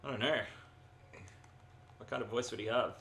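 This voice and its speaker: A young man commentating a video game in casual chat, excitable, swearing loudly and laughing often. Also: mid-range voice, normal speed, vocal fry. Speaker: gameplay commentator. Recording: roomy with faint noise.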